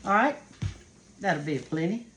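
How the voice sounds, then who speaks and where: A woman's voice: lowish voice, big pitch swings, moderate pace. Folksy older Southern woman cooking at home. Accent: Southern American. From American South. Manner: folksy, homey, talks to viewers as y'all and honey. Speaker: cooking show host. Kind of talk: chatty home cooking demonstration. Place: home kitchen. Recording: kitchen noise behind voice. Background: frying and sizzling of cooking.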